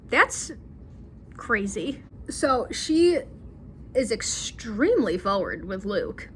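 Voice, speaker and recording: A woman's voice: on the high side, very animated, slow, a bit bright, slight background noise. A woman chattily recapping a movie, acting out the characters' lines with drama. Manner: chatty, dramatic retelling with acted quotes. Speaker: movie reviewer.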